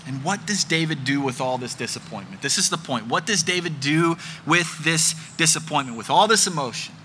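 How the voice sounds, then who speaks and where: A man's voice: a little high, expressive, a little fast, sharp tone, slight background noise. A man preaching a sermon, earnest and emphatic, repeating phrases for effect.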